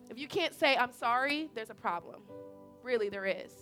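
Young woman preacher, high bright voice, chatty and animated, keeps asking the crowd questions. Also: normal speed, faint music behind. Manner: animated, conversational, repeats points, asks audience questions. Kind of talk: sermon.

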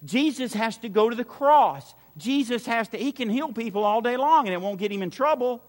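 With a very high, lively voice and a fairly quick pace, this pastor delivers a sermon in a large church hall before a crowd. Repeated phrases drive his points home, and he performs the lines he quotes aloud.

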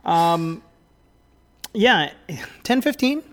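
A man's voice: high-pitched, animated, drawn-out words, a bit bright. A man co-hosting a podcast in casual, rambling talk, theatrical and self-mocking, with plenty of fillers and mild swearing. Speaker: podcast co-host.

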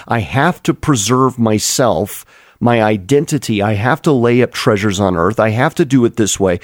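A man's voice: medium pitch, a little mellow, no room sound. Earnest male preacher, dry close sound. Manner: earnest, explanatory, with frequent restarts. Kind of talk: sermon Bible teaching.

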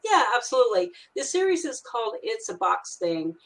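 Speaking briskly in a slightly high, sing-song voice, the guest author, an older woman, grandmother and children's writer, tells a meandering story with plenty of fillers and restarts. It's a casual storytelling interview, and the audio is poor.

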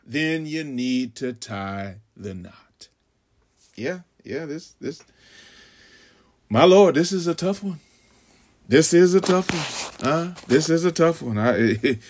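A man preaching a sermon, calling out "huh?" to the congregation, stammering on repeats and swinging from shouts to hushed asides. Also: on the high side. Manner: call-and-response, frequent "huh?"; stammering repeats when building. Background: congregation laughing.

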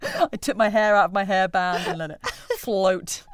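A woman's voice: mid-range voice, fairly even intonation, normal speed, slight background noise. A woman, co-hosting a podcast in casual chat and telling stories with frequent laughter. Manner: chatty storyteller, laughs often. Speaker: podcast co-host.

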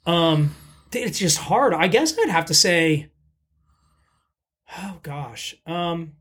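A man's voice: a little high, lively intonation, slow, fairly bright tone, breathy edge. A man chatting casually as a podcast guest, telling blunt, profane stories. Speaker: podcast guest, pizza shop owner. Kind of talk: casual chat.

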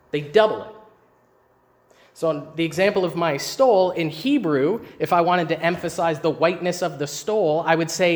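Male pastor, higher voice, emphatic teaching sermon with rhetorical questions.

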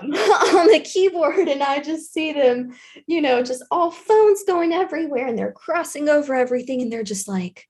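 A woman with a Southern US accent spins a story in a relaxed conversational chat. Her voice sits a touch on the high side, and she talks in an animated, chatty way with lots of casual fillers. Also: normal speed. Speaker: guest storyteller, former intervention specialist.

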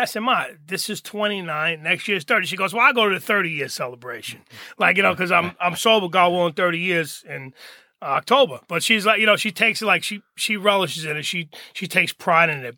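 A middle-aged man with a high, very bright and forceful voice tells rough stories from his past, bringing them to life by acting out everyone involved. He talks loosely and swears freely, and the sound is close and dry. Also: no room sound. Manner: animated storyteller, acts out quoted voices, swears freely. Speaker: podcast guest. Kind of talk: storytelling in casual chat.

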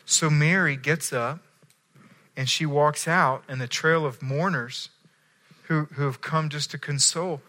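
Bright-voiced male preacher, conversational. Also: fairly high pitch, steady tone, a little slow. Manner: conversational, often checking in with listeners. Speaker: pastor. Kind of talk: sermon.

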